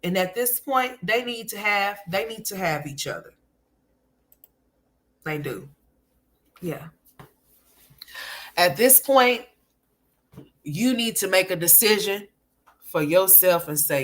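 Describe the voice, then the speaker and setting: A woman's voice: mid-range voice, lively intonation, slow pace, long pauses, a bit bright. A woman hosting casual commentary, candid and emphatic, often calling listeners honey. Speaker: commentary channel host.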